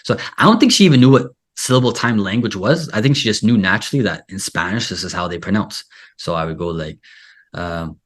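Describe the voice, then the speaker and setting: Laid-back man, lowish voice. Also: a little fast. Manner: relaxed, rambling, many "like" and "yeah" fillers. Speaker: language teacher, show host. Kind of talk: casual conversation.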